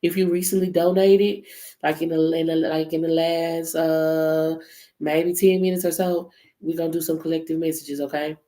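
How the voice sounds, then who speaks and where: A woman's voice: low-pitched, level tone, moderate pace, dark tone. Chatty woman tarot reader, echoey room. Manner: loose and chatty, addresses viewers, swears freely. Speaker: tarot reader hosting a live stream. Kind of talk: casual live-stream reading. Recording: echoey room with faint noise.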